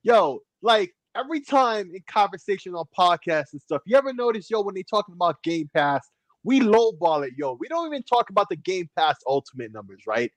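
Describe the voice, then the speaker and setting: A man co-hosting a casual gaming podcast in a high voice, animated and making his points with lots of "yo" and "right?". His voice sounds dry and close to the mic. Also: fairly quick, no echo. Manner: animated, peppering talk with "yo" and "right?". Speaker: podcast co-host.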